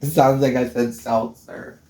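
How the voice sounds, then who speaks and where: A man's voice: mid-range voice, fairly even intonation, a little slow. A playful man chats his way through a home cooking vlog, taking his time over each word. His voice sounds roomy and a bit distant from the mic, with faint noise behind it. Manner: playful, chatty, laughs often. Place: home kitchen.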